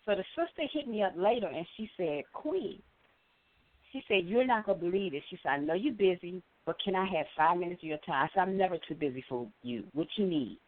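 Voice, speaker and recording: A woman's voice: lowish voice, brisk. Middle-aged lady phoning in, tells her story with lots of acted-out quotes, sounds like a thin phone line. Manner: animated storyteller, acts out quoted voices. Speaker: caller. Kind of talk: call-in storytelling.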